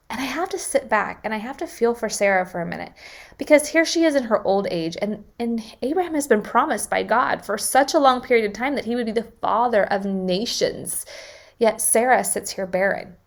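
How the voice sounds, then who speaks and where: A woman's voice: a little high, normal speed. Earnest woman giving a Bible devotional. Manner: earnest, conversational, with filler words. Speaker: devotional speaker.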